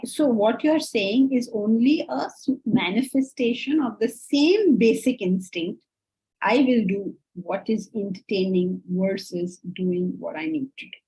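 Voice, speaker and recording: A woman teaching a Vedanta class in a lively, conversational way, often asking her students rhetorical questions. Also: mid-range voice, slightly rough. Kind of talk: online class lecture. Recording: muffled lo-fi audio.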